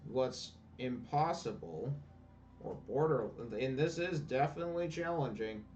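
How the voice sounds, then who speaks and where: A man's voice: mid-range voice, expressive, measured pace, darkish tone, recorded from a distance, lo-fi sound. Ranting, profane man at a game. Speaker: gameplay commentator. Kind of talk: casual let's-play commentary. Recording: voice a bit off-mic, faint game music.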